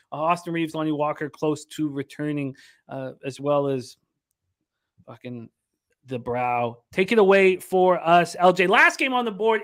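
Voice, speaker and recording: High-pitched guy running a betting show, swears a lot, sounds fed up and rambly. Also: fairly bright tone. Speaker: sports betting podcast host. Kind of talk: casual sports betting talk.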